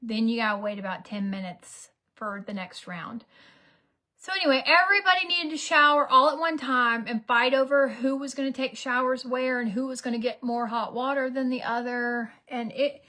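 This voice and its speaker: A beauty vlogger with a high voice talks a little fast, telling a story in a casual get-ready-with-me video. She's dramatic and animated, sometimes dropping to a whisper.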